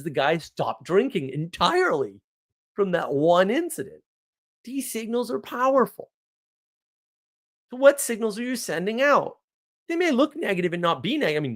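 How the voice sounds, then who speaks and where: A man hosting a live stream, telling stories in a casual, rambling way, laughing often and checking in with "right?" asides. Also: high voice. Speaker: livestream host.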